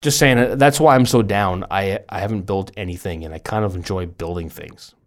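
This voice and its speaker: A middle-aged man with a fairly low voice, chatting casually as a podcast host. He rambles, trips over words and pokes fun at himself, his speech loose and unscripted. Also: a little fast. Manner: rambling, self-deprecating, stumbles over words. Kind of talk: casual chat.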